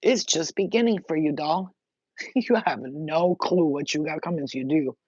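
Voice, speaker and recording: A woman's voice: low voice, normal speed, a little mellow, slightly rough, dry recording. Intense blunt woman giving spiritual messages. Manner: intense, blunt, swears freely. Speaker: spiritual reader. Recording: dull, dry lo-fi sound.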